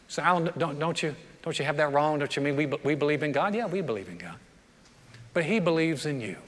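Animated pastor preaching in a hall. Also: male voice, fairly high pitch. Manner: animated, joking, acts out voices of people. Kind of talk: sermon. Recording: long reverb of a large hall.

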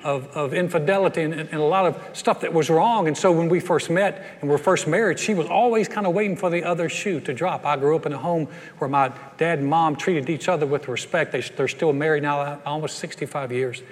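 A man's voice: fairly high pitch, fairly quick, hardly any pauses, big-room sound. A man in his sixties preaching a sermon, folksy and storytelling, with frequent stammered repeats. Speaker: pastor.

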